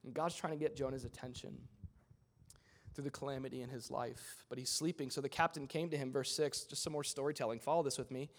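A man preaching a sermon, retelling a scripture story in a casual way with asides and quick character voices. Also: mid-range voice. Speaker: pastor.

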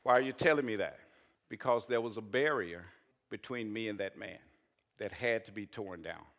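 A man, a pastor preaching and telling a personal story, rising to loud emphatic peaks. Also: lowish voice, moderate pace. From Arkansas. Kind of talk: sermon.

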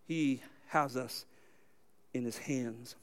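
A man preaching a sermon as pastor, emphatic, asking his listeners questions and answering them himself, his voice swinging from loud, high lines to low, quiet ones. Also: extremely slow.

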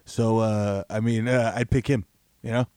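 A man's voice: lowish voice, steady tone, normal speed, darkish tone, smooth, no echo, studio quality, natural voice. A man playing a meandering male sports-radio host, full of uh and you know. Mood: deadpan.

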